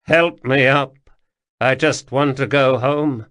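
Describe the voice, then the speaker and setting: A man's voice: medium pitch, fairly even intonation, takes it slowly, fairly bright tone. A man voicing a pleading ghost of a dying soldier. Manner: ragged, pleading, breathy.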